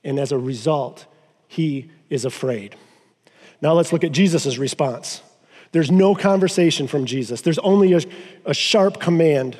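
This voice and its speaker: A man preaching a sermon as pastor, emphatic and slowing down to stress key phrases. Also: fairly high pitch, a little mellow, long reverb tail. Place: church sanctuary.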